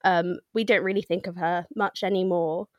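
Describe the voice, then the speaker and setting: A woman co-hosting a casual podcast chat, with dry, deadpan humour and frequent ums. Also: lowish voice, normal speed, no room sound, muffled recording. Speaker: podcast co-host.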